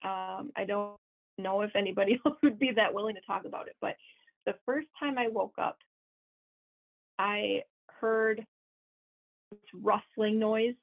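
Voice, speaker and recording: A woman's voice: mid-range voice, fairly even intonation, measured pace, gravelly, pauses often. Chatty woman on a tinny line. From Wisconsin, USA. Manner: chatty, laughs often, many fillers. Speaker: guest. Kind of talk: casual storytelling.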